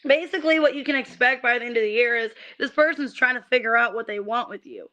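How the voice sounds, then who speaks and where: A woman's voice: on the high side, fast, sharp tone. A woman reading tarot cards on a livestream, ranting in irritation, swearing and stammering on restarts. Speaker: tarot reader.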